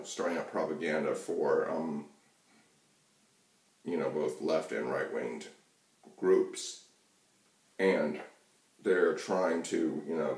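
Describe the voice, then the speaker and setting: A man's voice: rumbling low, a little mellow. A man hosting his own channel, ranting about politics in a rambling, profane way with lots of fillers and restarts. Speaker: channel host. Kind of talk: casual political rant to camera. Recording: echoey room, mic far off.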